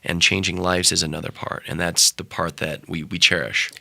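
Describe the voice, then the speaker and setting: A man's voice: low-pitched, flat delivery, vocal fry, sharp tone, dry recording. A man who co-owns a cannabis shop, talking earnestly on a radio show and stumbling through restarts. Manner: halting, restarts often, earnest. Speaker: shop owner, co-host. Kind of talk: casual radio talk. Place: radio studio.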